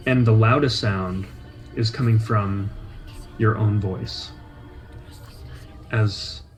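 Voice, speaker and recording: A man narrating a tabletop game as game master, describing scenes in a measured, atmospheric way. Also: on the low side, a little mellow, poor audio. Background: faint soundtrack music.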